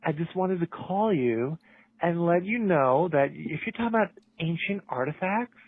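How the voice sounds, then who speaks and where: A brash, crude woman , voiced by a man, leaves a voicemail. Her voice is hoarse and husky, slightly high, and wheezes a little. It comes through a tinny phone line. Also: animated, moderate pace.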